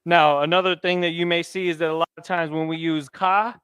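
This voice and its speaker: A man leads a classroom lesson in a relaxed, conversational way, tossing questions to his students. His voice sits a bit high and comes across smooth and clear. The recording is dry and close. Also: a little fast, no room sound. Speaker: Hebrew teacher.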